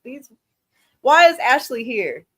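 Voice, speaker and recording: A woman's voice: sits high, big pitch swings, slow pace, a bit bright, husky. A woman from Oakland, California, co-hosting a casual recap chat. She speaks bluntly and emphatically, with plenty of profanity. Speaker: co-host.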